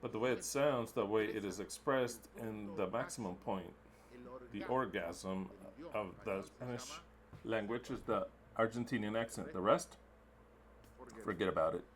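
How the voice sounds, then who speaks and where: A man's voice: fairly low pitch, unhurried. A man interpreting a sermon into English live, emphatic and repetitive, with blunt wording.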